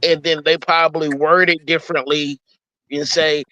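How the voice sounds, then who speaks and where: A man with a high, bright, tense voice has just joined a live stream. He talks emphatically, repeats himself, and stammers as he gives his take. His sound is dry and close. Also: flat delivery, normal speed, no room sound, low-quality recording. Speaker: guest joining a live stream. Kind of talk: casual live-stream chat.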